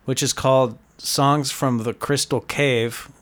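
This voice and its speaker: A man's voice: medium pitch, fairly even intonation, takes it slowly, fairly bright tone. A man hosting a casual comedy podcast, introducing clips and laughing along. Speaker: podcast host.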